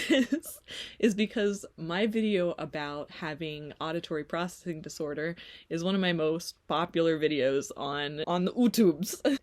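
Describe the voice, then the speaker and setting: Lady chatting to camera at home, kinda low voice, giggly and rambling. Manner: chatty and playful, laughs often, goes off on tangents. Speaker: vlogger. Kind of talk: casual talk to camera.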